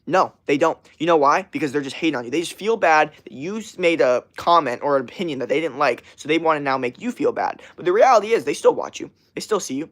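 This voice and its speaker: A man's voice: a little high, animated, fast, few pauses, fairly bright tone. A young man streaming live, chatting casually with his viewers and ranting, with a lot of swearing. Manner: profane, ranting, talks straight to viewers. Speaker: livestreamer. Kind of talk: casual livestream chat.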